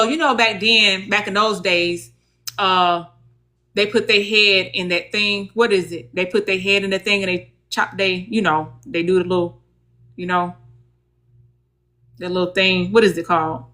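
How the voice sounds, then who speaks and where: A woman's voice: medium pitch, sharp tone. A woman with a Southern US accent hosting a casual livestream about legal advocacy, chatty and folksy, talking straight to her viewers.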